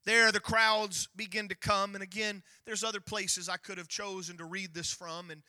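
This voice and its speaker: A male pastor preaching a sermon, emphatic and rising to near-shouts as he retells scripture. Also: sits high, little pitch movement, moderate pace, no echo.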